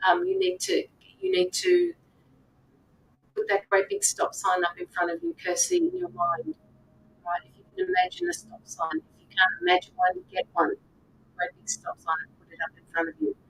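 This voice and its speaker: This tarot reader and medium has an extremely high, creaky voice, very animated at a moderate pace, heard through a distant mic in a rough recording. During her live-stream reading she addresses viewers earnestly in casual coaching talk, repeating herself and tossing in "right?"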